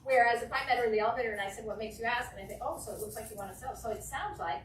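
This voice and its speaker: A woman teaching a real estate class, acting out client conversations in a lively, animated way. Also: on the high side, racing, slight background noise. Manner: animated, acts out client dialogues. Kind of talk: classroom training talk. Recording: echoey room from a distance.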